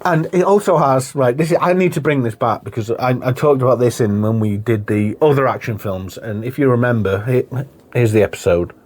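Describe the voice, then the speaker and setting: A man's voice: mid-range voice, fairly quick, darkish tone. A man co-hosting a podcast in casual chat, acting out film lines and laughing often. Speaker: podcast co-host.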